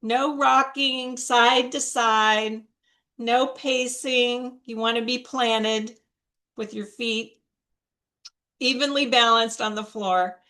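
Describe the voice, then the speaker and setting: Slow, deliberate woman giving a motivational talk. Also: a little high, fairly even intonation, sharp tone. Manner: slow, deliberate, emphatic delivery. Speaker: featured speaker, coach. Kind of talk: motivational talk on public speaking. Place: online video meeting. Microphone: video call.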